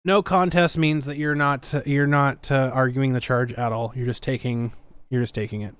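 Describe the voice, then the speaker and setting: A woman's voice: a bass voice, fairly even intonation, moderate pace, clear, resonant tone, dry recording. A woman hosting a podcast, ranting in a sarcastic, defiant way as she comments casually. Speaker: podcast host.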